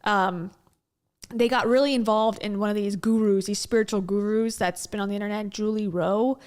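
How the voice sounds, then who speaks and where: A woman's voice: mid-range voice, steady tone, moderate pace, a little mellow, clean tone. A woman hosting her own channel, talking in a chatty, joking, casual commentary style. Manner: chatty and joking, with frequent laughs and restarts. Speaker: vlogger host.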